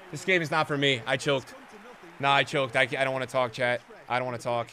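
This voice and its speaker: A young man streaming a football video game, chatting casually with his viewers and swinging from low mutters to excited shouts, full of slang. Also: moderate pace. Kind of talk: live gameplay commentary.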